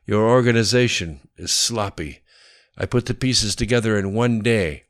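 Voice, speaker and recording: A man reading the part of a cold, calculating former official in an audiobook, speaking in a clipped, flat manner. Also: lowish voice, moderate pace, pitched above the performer's own voice, lightly acted.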